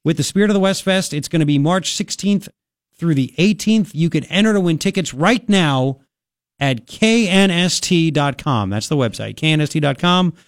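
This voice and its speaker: A man's voice: on the high side, lively intonation, normal speed, dry recording. A man hosting a talk radio show, sarcastic and jokey, with lots of fillers and restarts, into a studio microphone. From Long Island, New York. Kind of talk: opinionated talk radio monologue.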